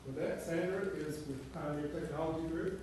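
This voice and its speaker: A man's voice: on the high side, steady tone, moderate pace. A man hosting a training session, greeting attendees in a friendly, informal, joking way. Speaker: training host. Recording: echoey room, far from mic, noisy.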